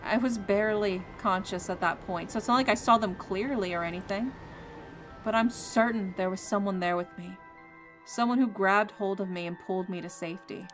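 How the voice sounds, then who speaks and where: A woman's voice: medium pitch, brisk, faint music behind, lightly acted, rough recording. A woman voicing an earnest, troubled young man in a game, speaking seriously.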